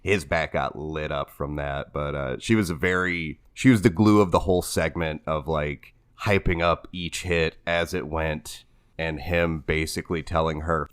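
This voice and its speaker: A man's voice: very deep voice, fairly even intonation, normal speed, a bit bright, smooth, dry recording. A man co-hosting a podcast, riffing with crude humor and retelling a match. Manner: crude humor, says dude. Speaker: podcast co-host. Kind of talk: casual podcast banter.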